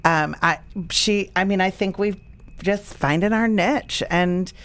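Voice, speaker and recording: A woman's voice: mid-range voice, measured pace, a bit bright. Chatty middle-aged woman from the Chicago area, rambling podcast guest, lots of fillers and laughter. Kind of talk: casual chat.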